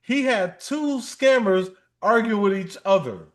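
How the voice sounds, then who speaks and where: A man with a notably high voice hosts a relaxed livestream conversation. He reads viewer comments aloud and breaks into laughter often. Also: measured pace. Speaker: livestream co-host. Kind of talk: casual chat reading live chat.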